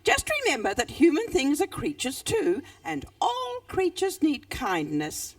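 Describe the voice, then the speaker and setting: Storybook lizard, male, kind but stern, read by a New woman; slow, dry distant sound. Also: high-pitched, huge pitch swings, dry recording, voice pushed up, heavily acted. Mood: chiding. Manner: gently reproachful storybook reading. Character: sensible kindly male lizard, patient and scolding.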